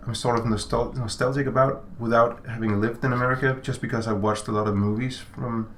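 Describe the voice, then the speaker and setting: A man co-hosting a game developer stream, chatting casually and joking, with halting restarts. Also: medium pitch, fairly even intonation, a little hiss or hum. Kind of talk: casual chat while playing.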